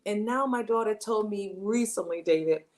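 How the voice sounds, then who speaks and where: A woman hosts a talk show with an affirming, encouraging manner. Her voice sits at a middle pitch for a woman, and she stresses her points with emphasis. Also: moderate pace. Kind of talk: casual talk-show chat.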